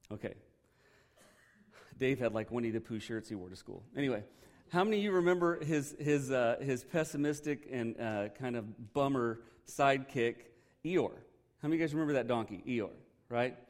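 Man, pastor, sermon, conversational, jokey asides, questions for the congregation, mid-pitched voice. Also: a little mellow. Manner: conversational, joking, asks the audience questions.

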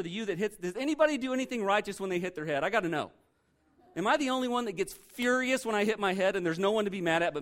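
A man preaching a sermon, animated and humorous, tossing rhetorical questions at the congregation. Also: high voice. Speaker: pastor.

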